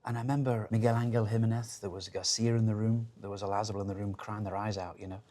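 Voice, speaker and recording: A man's voice: on the low side, level tone, fast talker, mellow. A Scottish man in his fifties, a former golf captain, emphatically recalling a moving team moment. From Scotland. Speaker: former Ryder Cup captain. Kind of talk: casual dinner chat.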